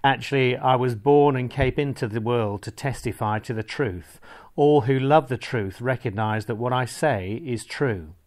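A man reading a calm man on trial. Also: medium pitch, moderate pace, few pauses, natural voice. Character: calm male teacher under trial, grown man. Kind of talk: scripture reading.

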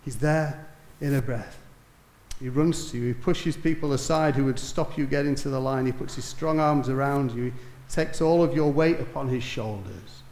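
Male preacher, mid-pitched, storytelling sermon delivery that builds and falls; roomy echoing hall sound. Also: normal speed. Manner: storytelling, rising to emphatic peaks then dropping soft.

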